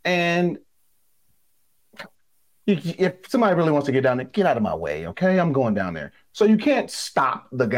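Animated, emphatic former ballplayer, man. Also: mid-range voice. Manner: animated, emphatic and blunt, swears freely. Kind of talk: casual sports talk.

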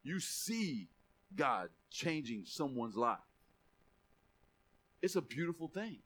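Male preacher, high bright voice, passionate sermon delivery. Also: very animated, takes it slowly, breathy edge. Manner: passionate, swings from quiet asides to raised preaching.

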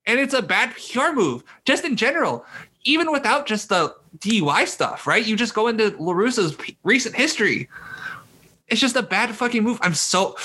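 A man's voice: high-pitched, big pitch swings, moderate pace, bright, forceful tone, breathy edge. A young man co-hosting a sports podcast, ranting hotly and swearing as he talks. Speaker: podcast co-host. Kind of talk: casual sports podcast chat.

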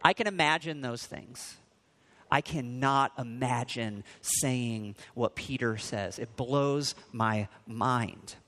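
A man preaching a sermon, moving between quiet reflection and loud, acted-out quotes. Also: takes it slowly. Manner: dramatic swings in pitch and volume, acting out quotes. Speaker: pastor.

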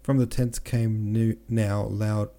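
A man reading a classic novel aloud as a podcast narrator, steady, with small slips he corrects himself. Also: fairly low pitch, slow pace. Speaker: audiobook narrator and podcast host.

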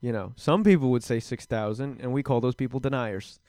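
A man's voice: medium pitch, fairly quick, darkish tone, smooth, no room sound. A man co-hosting a podcast, joking crudely and riffing on the story in casual banter. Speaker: podcast co-host.

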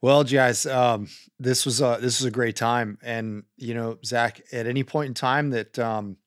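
A man hosting a podcast, wrapping up an interview in a halting, filler-filled way. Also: medium pitch, fairly even intonation, no room sound, clean studio sound. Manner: halting, many fillers and restarts. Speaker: podcast host. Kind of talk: casual interview wrap-up.

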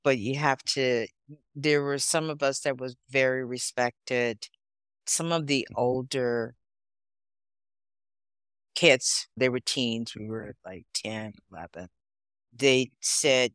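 A woman in her sixties from Chicago, a guest on a podcast, telling stories in a casual, animated way. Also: very deep voice, takes it slowly, dry recording. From Chicago, USA. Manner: storytelling, animated, laughs often. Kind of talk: casual interview chat.

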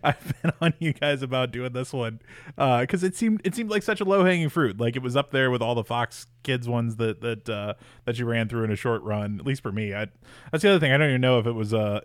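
Male guest co-host, dry close sound, relaxed and chatty, laughs a lot. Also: mid-range voice, a little fast, no echo. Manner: laughs often, relaxed and talkative. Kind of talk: casual podcast chat.

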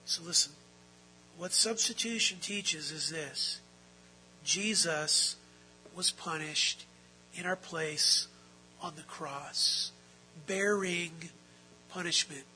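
A man preaching a sermon, emphatic, moving between quiet explanation and loud, drawn-out stresses. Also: a little high, slight background noise, rough recording. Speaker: pastor.

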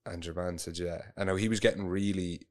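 Deep voiced irish guy rambling thru a story, swears a lot, lots of restarts. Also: fairly even intonation, fairly quick. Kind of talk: casual storytelling.

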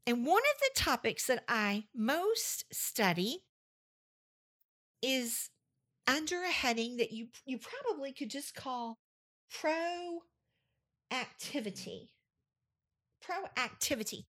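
A woman's voice: high voice, very animated, slow, fairly bright tone. A woman with a Southern US accent hosting a faith-based podcast monologue, emphatic and fond of repeating phrases for effect. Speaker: podcast host.

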